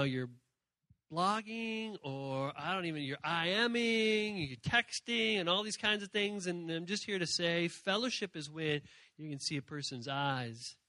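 A man giving an animated youth sermon, telling stories and acting out voices from shrieks to soft murmurs. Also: a little high, no room sound. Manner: animated storytelling, acts out characters in shrieks and murmurs. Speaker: youth speaker.

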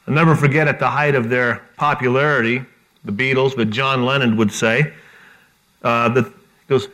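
A middle-aged man preaching a sermon, animated and repeating words as he acts out the people he quotes. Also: medium pitch, moderate pace. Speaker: pastor.

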